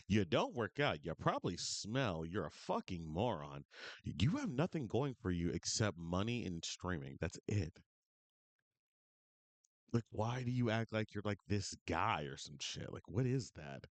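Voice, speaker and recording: A man's voice: fairly low pitch, big pitch swings, unhurried, no echo. A man streaming reaction commentary, ranting with profane, berating incredulity into a close mic.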